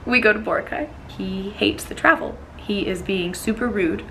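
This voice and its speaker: A woman telling a dating story in a storytime vlog, animated, profane and full of exclamations. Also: medium pitch, slight background noise.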